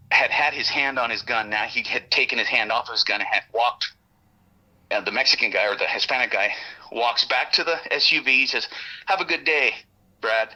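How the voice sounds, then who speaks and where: A man tells his story with a very bright, cutting edge to his voice. He talks in a lively way, swears a lot and acts out each line of the exchange. The sound is narrow, like a radio broadcast. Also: medium pitch. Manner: lively, profane, laughs often, acts out the dialogue. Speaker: guest telling an encounter story. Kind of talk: animated storytelling.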